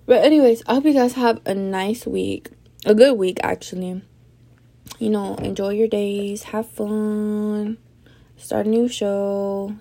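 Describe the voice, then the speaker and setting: Here the same kind of laid-back solo podcast comes through a mellow, mid-range voice, with the young female host talking slowly and leaving long pauses. She yawns, sounds drowsy, and meanders with lots of filler words and cursing.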